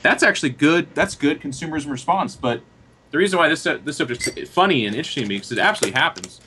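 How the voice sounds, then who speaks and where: A man's voice: on the high side, quick pace, a little hiss or hum. A man from the Seattle area co-hosting a podcast, chatting casually and animatedly. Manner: animated, mimics angry commenters. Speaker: podcast co-host. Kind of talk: casual chat.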